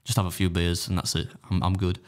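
A man on a podcast rattles through stories in a lowish voice, slipping into quick put-on voices to quote people. He talks at a brisk clip and swears freely. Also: flat delivery. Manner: rapid anecdotal storytelling, acting out others' quotes. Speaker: podcast co-host and competitive eater. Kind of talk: casual podcast chat.

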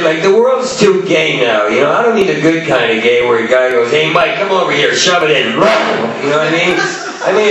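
A man doing a profane, rambling stand-up set at a comedy club, swinging his pitch and volume abruptly. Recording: echoey club from far off.

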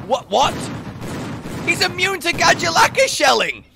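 A man hosting a gaming video, joking loudly with friends and often breaking into shouts and laughter. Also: extremely high pitch, very animated, unhurried, creaky, background noise. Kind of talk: excitable gameplay commentary.

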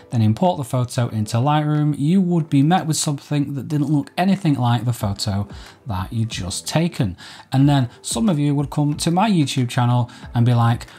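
A man's voice: medium pitch, expressive, moderate pace, a little mellow, soft background music. A man hosting a mobile photography channel, explaining an editing app in a casual tutorial to camera, with chatty, self-deprecating asides.

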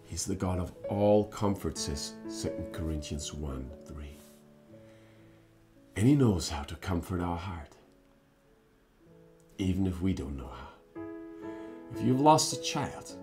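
Male preacher, mid-pitched, slow and earnest, hushed to fervent, light guitar bed. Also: animated. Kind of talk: devotional sermon to camera.

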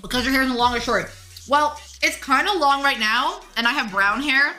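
Bright-voiced chatty woman streamer. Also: high-pitched, a little fast, soft background music. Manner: chatty, reads chat aloud and answers viewers. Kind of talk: casual live-stream chat while gaming.

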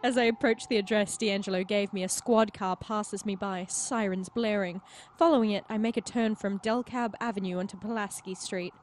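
A woman reading a story game aloud as its narrator, expressive and with giggly asides. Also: medium pitch, moderate pace, slight background noise. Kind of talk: narrating a visual novel playthrough.

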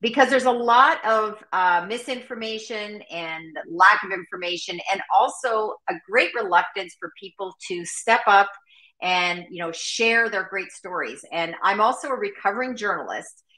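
A woman guest on a live talk show, chatty and lively, introducing her work. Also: mid-range voice, moderate pace, roomy sound, poor audio. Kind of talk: casual chat.

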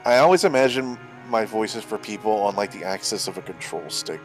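A man's voice: fairly low pitch, expressive, a little fast. A man commenting on a game playthrough in a loose, joking manner. He pokes fun at himself as he goes. Faint game music plays underneath. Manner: joking, self-deprecating. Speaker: let's play co-host. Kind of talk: casual commentary.

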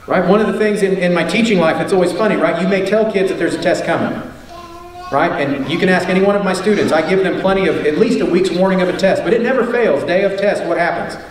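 High-voiced preacher in an echoey church. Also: male voice, a little fast. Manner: emphatic, repeats key lines, asks rhetorical questions. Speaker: preacher and teacher. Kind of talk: sermon. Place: church sanctuary. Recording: echoey room, far from the mic, faint noise.

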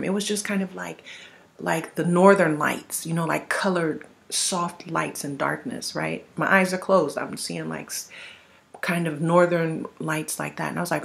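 A woman's voice: on the low side, normal speed, gravelly. A woman giving a spiritual testimony and teaching in a rambling, conversational way, often asking "right?" and repeating words as she goes. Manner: conversational, rambling, frequent "you know" and "right?"; frequent word repeats and restarts. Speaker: ministry teacher.

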